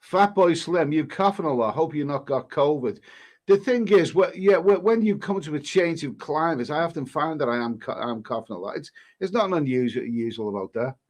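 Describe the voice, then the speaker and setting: A man with a somewhat higher-pitched voice, chatting casually on a live stream. He reads viewers' comments aloud and answers them in a halting, easygoing way, often restarting his sentences. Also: animated, darkish tone. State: coughing now and then. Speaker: travel vlogger reading viewer comments.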